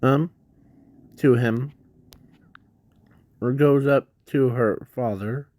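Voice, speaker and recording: A man slowly narrating an improvised fan story, halting often with restarts and fillers. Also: mid-range voice, a little mellow, no room sound.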